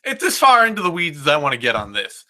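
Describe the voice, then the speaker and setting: Bright-voiced man hosting a podcast. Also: on the high side, wildly swooping pitch, fast talker. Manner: rambling, restarts sentences, wry. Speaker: podcast host. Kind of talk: casual podcast chat.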